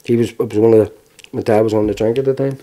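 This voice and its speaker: A man in his forties with a Belfast accent, giving frank personal testimony in an interview, telling it plainly with halting restarts. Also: lowish voice, steady tone, dark tone. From Northern Ireland.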